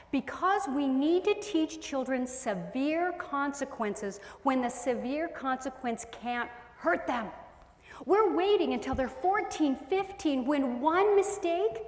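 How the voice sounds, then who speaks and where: A woman giving a lively parenting seminar talk to an audience, often acting out voices of parents and children. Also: high-pitched. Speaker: parenting speaker. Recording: echoey hall with long reverb.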